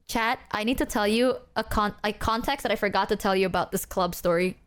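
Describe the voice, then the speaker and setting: A woman's voice: mid-range voice, a little fast, clean tone. A woman from Southeast Asia telling a story to her stream chat in a casual, chatty way, full of "like" and acted-out quotes. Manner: chatty, fillers of "like", acts out quotes.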